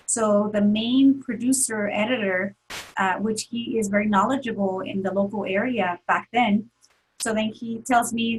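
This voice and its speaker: A woman's voice: mid-range voice, steady tone, normal speed, slight background noise, poor audio. A woman telling an emotional personal story as an interview guest, earnest, with many fillers and restarts.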